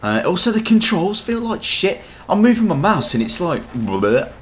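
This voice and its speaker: A man's voice: high-pitched, very animated, moderate pace, slight background noise. A young man giving sweary, grumbling commentary over his own gameplay. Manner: grumbling, swearing, laughing at the game. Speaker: gaming channel host.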